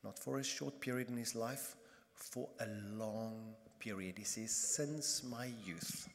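A man preaching a sermon as pastor, emphatic and impassioned, repeating phrases and swinging between loud bursts and hushed moments. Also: fairly low pitch, a little slow, gravelly. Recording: long reverb of a large hall.

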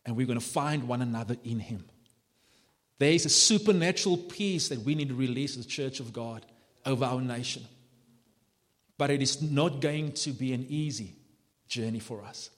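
A man preaching a sermon as pastor, passionate and animated, building to emphatic peaks. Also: mid-range voice, moderate pace. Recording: long hall reverb.

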